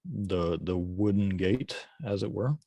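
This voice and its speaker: A man narrating as game master of a tabletop game, relaxed and wry. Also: deep voice, slow pace, gravelly, no echo.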